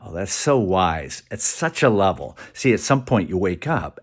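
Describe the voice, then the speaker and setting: A man talking in a rambling, animated monologue, acting out quoted voices and dropping now and then to a whisper. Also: on the low side, unhurried, few pauses, husky.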